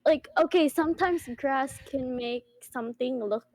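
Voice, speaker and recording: A woman's voice: high-pitched, moderate pace, darkish tone. A woman hosting a casual podcast, ranting in exasperation and swearing freely. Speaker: podcast host.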